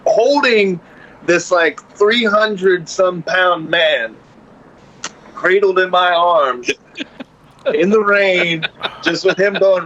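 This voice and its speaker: A man telling a wild story as a podcast guest, animated and profane, acting out the voices of the people in it. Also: high voice, extremely slow, pauses often, lo-fi sound. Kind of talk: casual storytelling.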